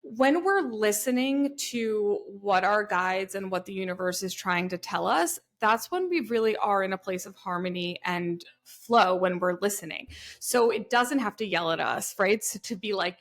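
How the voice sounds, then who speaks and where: A woman's voice: mid-range voice, unhurried, few pauses. A woman co-hosting a podcast in casual spiritual chat, candid and rambling, who gets heated and swears when frustrated. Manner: talks in loose, rambling runs with many fillers. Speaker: podcast co-host.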